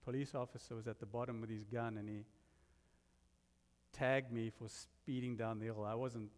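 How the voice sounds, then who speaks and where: A man's voice: medium pitch, flat delivery, moderate pace. A man giving a sermon with humorous, self-deprecating stories, from outside the US, speaking in a church sanctuary. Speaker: guest minister. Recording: long reverb of a hall.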